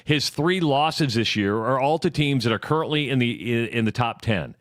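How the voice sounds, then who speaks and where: A man co-hosting a sports talk radio show, laying out facts and figures in a measured way with some stumbling restarts. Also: mid-range voice, a bit bright, no echo, clean studio sound.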